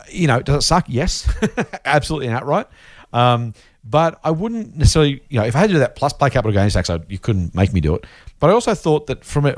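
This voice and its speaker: An Australian man hosts a casual podcast and talks at a quick, eager clip with lots of "you know" and "um." The recording is dry and close-miked, with no room sound. His pitch sits in an ordinary male middle. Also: no room sound. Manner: enthusiastic, quick and chatty, with frequent fillers. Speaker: podcast host.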